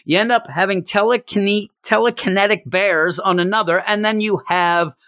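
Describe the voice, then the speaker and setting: A man co-hosting a casual chat, animated, often slipping into quick voices for characters. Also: sits high, no echo, studio quality. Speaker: podcast co-host.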